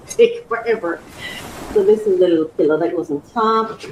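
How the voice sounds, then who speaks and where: A woman's voice: mid-range voice, normal speed, slight background noise, low-quality recording. A woman hosting her own podcast, chatting casually and bubbly as she unboxes a product, laughing often. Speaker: podcast host.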